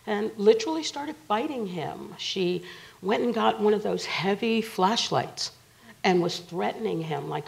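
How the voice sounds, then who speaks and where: A woman guest on a TV talk show, retelling events in a casual and vivid way. Her voice is low with a gravelly, creaky texture. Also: normal speed, poor audio. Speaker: guest, bereaved mother. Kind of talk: personal storytelling in a TV interview.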